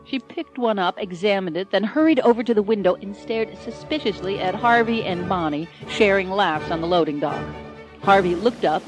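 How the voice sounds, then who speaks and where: A woman narrating an unabridged audiobook in a warm storytelling manner, close to the mic. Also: mid-range voice, lively intonation, moderate pace, faint music behind. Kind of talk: scripted narration.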